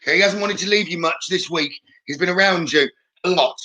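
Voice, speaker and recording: Bright high-voiced psychic medium. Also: male voice, fairly quick. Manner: chatty, relays messages with frequent "okay?". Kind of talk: live-streamed spirit readings.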